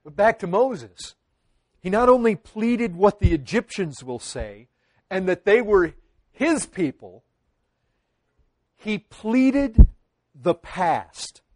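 A man preaching a sermon to his congregation, earnest, with dramatic pauses and quoted pleas. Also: high voice, sing-song, darkish tone, no room sound. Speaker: pastor.

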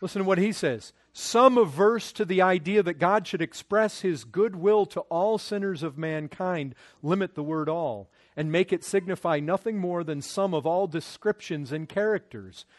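A man's voice: high voice, moderate pace, few pauses. A man preaching a sermon, pleading with growing intensity and many restarts. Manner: impassioned, rising to loud pleading, with many restarts.

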